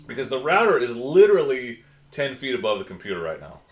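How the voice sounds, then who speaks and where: A man's voice: mid-range voice, huge pitch swings, fast talker, roomy sound. A man hosting a casual livestream, chatting and answering viewer comments from his home computer. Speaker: livestream host.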